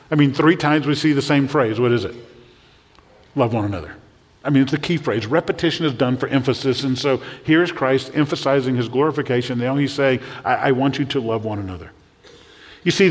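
A male pastor preaching a sermon in a church, animated, often acting out the voices he quotes and repeating words as he goes. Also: medium pitch. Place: church sanctuary. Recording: long hall reverb.

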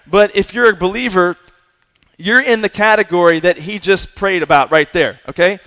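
Male youth preacher with a high voice, punchy and conversational, recorded in a big reverberant hall. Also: moderate pace. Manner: energetic, repeats "right?" and "listen". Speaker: youth pastor. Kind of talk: sermon to young people.

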